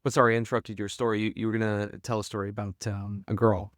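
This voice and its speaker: A man with a lowish voice hosts a casual podcast chat. He talks fast and loosely, with fillers and half-finished phrases. The sound is dry, with no room around it. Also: flat delivery, no echo. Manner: quick, loose chatter with fillers. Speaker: podcast host.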